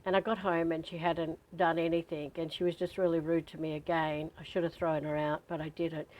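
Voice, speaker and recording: A woman guides a spiritual training session. Her voice sits a little low, and she talks candidly and conversationally, weaving personal stories between gentle prompts to breathe. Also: flat delivery, fairly quick, low-quality recording. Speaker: spiritual teacher.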